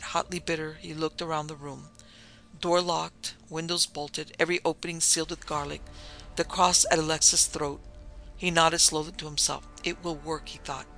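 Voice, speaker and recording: Bright, gravelly male audiobook narrator. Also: on the high side, rough recording. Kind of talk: audiobook reading. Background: faint music.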